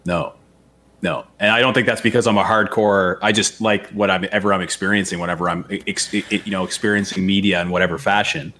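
Low-voiced man arguing his point. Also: fairly even intonation, fairly quick, bright, forceful tone. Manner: argumentative, repeats words while thinking. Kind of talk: casual chat.

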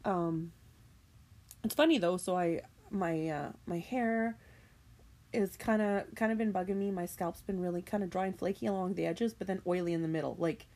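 A woman's voice: fairly low pitch, normal speed, dark tone. A woman talking alone on her podcast, rambling and ranting, then apologizing with self-deprecating humor. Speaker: podcast host. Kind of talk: casual solo monologue. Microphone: microphone indoors.

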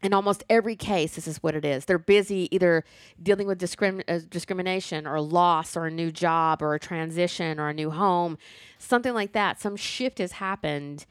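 Chatty low-voiced woman, dry sound. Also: no echo. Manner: animated, chatty, quick asides and playful sass. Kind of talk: casual chat reviewing a TV show.

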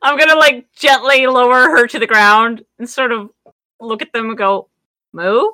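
A woman's voice: on the high side, steady tone, normal speed, pushed and bright, dry recording. A woman playing a tabletop game who laughs often while describing her moves. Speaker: player. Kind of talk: tabletop role-play chat.

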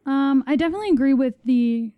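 A woman's voice: sits high, fast talker, dark tone, no room sound. Woman co-host on a dull, dry mic. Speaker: podcast co-host. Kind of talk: casual podcast chat.

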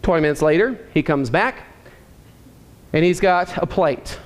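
A man's voice: fairly high pitch, animated, unhurried. A man preaching a sermon in a folksy, storytelling way, often checking in with the congregation. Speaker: pastor. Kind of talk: sermon with a joke opener. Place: church.

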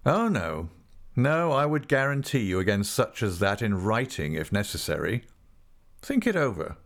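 A man reading an audiobook and voicing a persistent, domineering young gentleman, insistent and coaxing. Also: on the low side, very animated, normal speed. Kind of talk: audiobook character voice.

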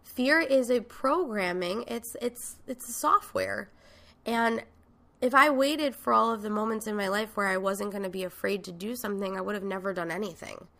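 A woman hosting a podcast gives a motivational talk in a frank, emphatic way, with casual swearing. Her voice is bright and forward, with a gravelly, creaky texture. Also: medium pitch, normal speed. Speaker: podcast host and coach.

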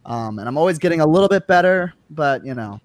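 Lively young man chatting about his band. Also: on the high side, fast talker, no room sound. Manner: rambling, animated, swears casually. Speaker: band member. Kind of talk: casual group chat.

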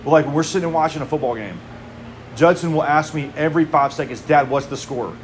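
A pastor in his thirties delivers a sermon fast, in a relaxed, conversational style sprinkled with casual asides. His voice is a little higher than most men's, and a faint air conditioning hum sits beneath it.

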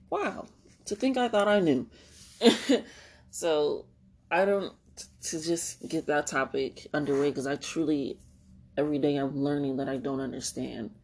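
A woman's voice: low-pitched, a little mellow, breathy edge. A young woman hosting a solo podcast, talking candidly and rambling, laughing often and swearing casually. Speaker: podcast host.

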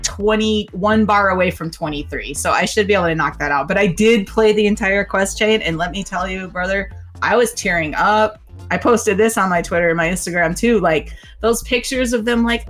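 A woman co-hosting a casual podcast chat, excitable and swearing often, filling her talk with "like". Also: mid-range voice. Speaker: podcast co-host. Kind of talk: casual chat about a video game. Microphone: desk microphone.

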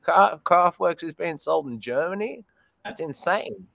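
A man's voice: a little high, animated, a little slow, gravelly, no echo. Rowdy swearing Australian man. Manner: loud, laughing, swears freely. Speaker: whisky guest. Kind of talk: casual chat over drinks.

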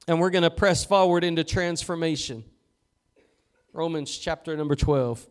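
A man preaching a sermon as pastor in a church, fervent and swinging from loud to hushed. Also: on the high side, moderate pace. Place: church sanctuary.

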